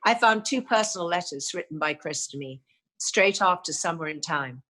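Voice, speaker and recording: Older Englishwoman with a low voice. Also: lively intonation, normal speed. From England. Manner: warm storytelling with frequent "you know" and small restarts. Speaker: guest actress. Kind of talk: reflective interview talk.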